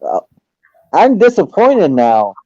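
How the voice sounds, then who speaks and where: Dry, dark-voiced man, casual. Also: high voice, wildly swooping pitch, takes it slowly, no echo. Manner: laid-back, amused reactions. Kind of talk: casual chat. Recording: dry, dull lo-fi mic.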